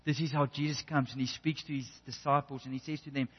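A man's voice: medium pitch, steady tone, fast talker, hardly any pauses, husky. A man preaching a sermon in an earnest way, often restarting and repeating words as he builds a point. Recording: echoey hall, dull lo-fi sound.

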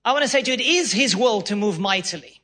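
A man's voice: high voice, expressive, fast talker, a bit bright. A South African man preaching a sermon as a pastor in a church, emphatic, acting out little voices and laughing.

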